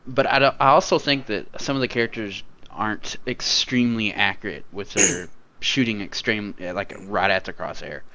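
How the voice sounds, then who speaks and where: A man hosting a gaming podcast, relaxed with wry quips. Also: lowish voice, normal speed, hardly any pauses. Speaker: podcast host. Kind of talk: casual gaming podcast chat. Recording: dull lo-fi mic.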